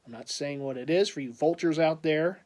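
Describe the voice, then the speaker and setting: Speaking a little fast, this collector vlogger has a slightly high voice with a darkish tone. His casual vlog chat wanders through a story punctuated by frequent laughter and restarts.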